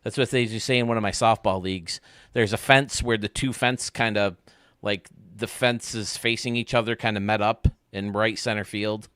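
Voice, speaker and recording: A man's voice: on the low side, steady tone, moderate pace, a bit bright, clear, resonant tone, no room sound, clean studio sound. A man streaming a baseball game, rambling and joking casually with his chat. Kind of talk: casual chat while playing.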